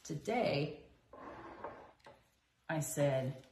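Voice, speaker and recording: A woman's voice: extremely low pitch, slow pace, vocal fry, long pauses, reverberant, slight background noise. A middle-aged woman candidly telling her own recovery story and acting out the people she quotes. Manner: candid, animated, quoting others in dialogue. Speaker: recovery vlogger. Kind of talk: personal storytelling monologue.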